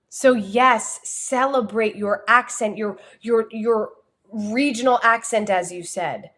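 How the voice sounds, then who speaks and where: Female communication coach with a New Jersey accent, lively and expressive, in a slightly higher register. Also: takes it slowly. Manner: energetic, expressive, talks with her hands. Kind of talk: motivational livestream talk.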